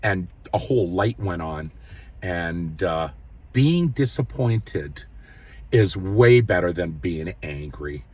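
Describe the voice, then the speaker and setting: A man hosting his own show, giving earnest spiritual self-help advice in a casual way, with many pauses and fillers. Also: deep voice, lively intonation, a little mellow, breathy edge. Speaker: host.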